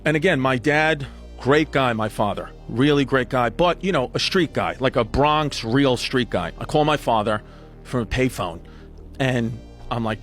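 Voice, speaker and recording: A man telling a comic story on a podcast, animated and acting out the people in it. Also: mid-range voice, normal speed, faint music behind. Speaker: comedian guest. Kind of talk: comedic storytelling.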